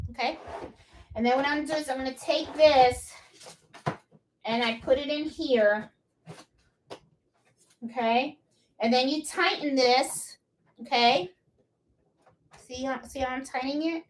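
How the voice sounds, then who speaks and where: A woman's voice: sits high, a little slow, long pauses, a little hiss or hum. A woman with a Puerto Rican accent hosting a casual live crafting tutorial, chatty and often checking in with "okay?" while she handles her tools. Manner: chatty, repeats "okay?" and "hold on"; laughs at her own fumbles while working. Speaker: crafting channel host.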